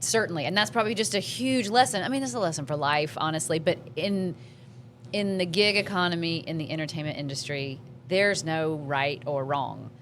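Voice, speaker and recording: A woman's voice: low-pitched, a little fast, a bit bright, a little hiss or hum. A woman with a Southern American accent, chatting upbeat as an actress guest on a talk show. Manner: chatty, upbeat, with many restarts. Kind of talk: casual interview chat.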